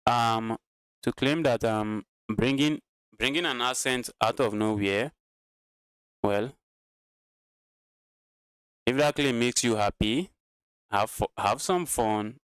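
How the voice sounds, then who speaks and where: This chess streamer speaks slowly and pauses often as he commentates his own live games to his chat, repeating phrases and sounding tired. His medium-pitched voice is a bit bright and smooth, and there's no room sound.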